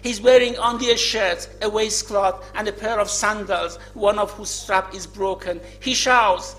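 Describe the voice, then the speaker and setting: A man's voice: sits high, steady tone, measured pace, hardly any pauses, fairly bright tone, faint music behind, rough recording. A man narrating a dramatic religious story in a tearful, emotional way, his voice at times breaking.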